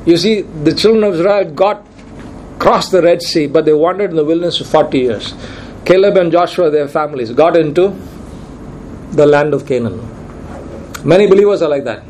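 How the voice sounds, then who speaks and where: Emphatic preaching man, higher voice. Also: darkish tone, slight background noise, rough recording. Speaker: pastor. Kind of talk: sermon. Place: church.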